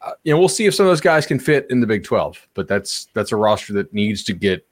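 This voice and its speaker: A podcast co-host talks sports casually in a low-ish, very animated voice at a quick pace, with no echo. His style is loose and rambling, with frequent restarts.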